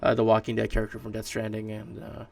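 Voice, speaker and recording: Rambling gravelly man on gaming news. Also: lowish voice, monotone, quick pace, no room sound. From Canada. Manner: rambling, many fillers and restarts. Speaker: podcast host. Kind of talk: casual solo gaming news commentary. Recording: distant mic, dry room.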